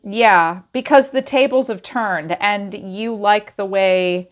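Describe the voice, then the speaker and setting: A woman's voice: mid-range voice, slow pace. A woman giving a casual tarot reading to camera, chatty and frank, who swears and laughs easily. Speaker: tarot reader.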